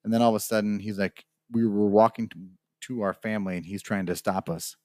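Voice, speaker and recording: A man's voice: fairly low pitch, fairly even intonation, a little fast, a little mellow, dry recording, clean studio sound. A man co-hosting a casual podcast chat, telling a rambling anecdote and acting out the people in it. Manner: rambling storyteller, acts out the people in his story. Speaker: podcast co-host. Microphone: studio mic.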